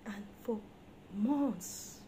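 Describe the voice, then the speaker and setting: A woman's voice: medium pitch, expressive, drawn-out words, mellow, a little hiss or hum. A woman preaching an emphatic sermon on marriage, firing rhetorical questions at her listeners.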